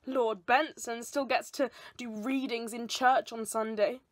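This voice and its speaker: A defiant young woman condemned to the stake speaks with measured scorn, as a student actress plays her. Her voice sits fairly high and moves slowly, each line placed with care. It is recorded dry and close, with no room around it. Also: steady tone, no room sound, close to an everyday voice. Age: young adult. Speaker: student actor. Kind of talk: theatre monologue performed online.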